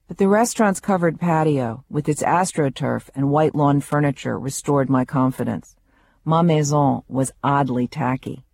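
A woman reading her own memoir aloud, wry and vivid in her storytelling. Her voice is warm and mellow, recorded close and dry with no room sound. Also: sits low, no room sound.

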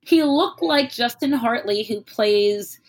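A woman's voice: on the high side, slow. A woman telling a personal story in casual speech, candid and wry, swearing and acting out what people said.

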